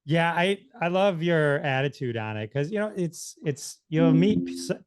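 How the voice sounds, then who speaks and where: A man's voice: a little high, lively intonation, unhurried, smooth, no echo. A man hosting a podcast interview, talking in a friendly, rambling way and restarting his sentences. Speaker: podcast host. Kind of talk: casual interview.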